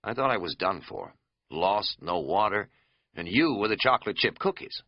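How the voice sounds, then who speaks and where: A man's voice: fairly low pitch, animated, moderate pace, no room sound, dull audio. A man voicing a rambling, folksy middle-aged American man who talks in a chatty, self-mocking drawl.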